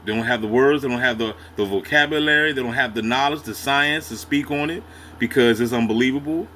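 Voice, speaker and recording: A man's voice: medium pitch, a little fast, sharp tone, a little hiss or hum. A man hosting a reaction video, talking in slangy, emphatic asides and backing up the clip he plays. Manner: slangy, emphatic, chiming in with agreement. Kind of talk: casual reaction commentary.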